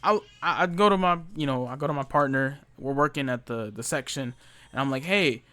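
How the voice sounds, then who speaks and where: A young man telling a story about a rude customer at work. He sounds exasperated, talks in a quick stream full of fillers, and puts on the customer's voice now and then. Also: mid-range voice, bright, forceful tone, no echo. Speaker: retail worker telling a story. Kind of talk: storytime rant.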